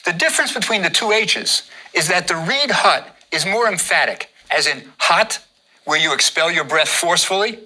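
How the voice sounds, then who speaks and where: A man with a very bright, forceful voice gives a patient drawing lesson. His pitch moves a lot, rising on each instruction and dropping as he finishes a step. He repeats every step calmly. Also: normal speed, few pauses, low-quality recording. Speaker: teacher.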